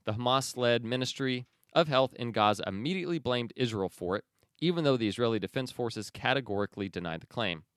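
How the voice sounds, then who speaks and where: A man hosting a news commentary podcast, opinionated and sarcastic, often pausing with fillers and restarts. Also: medium pitch, expressive, a bit bright, dry recording, studio quality. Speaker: podcast host.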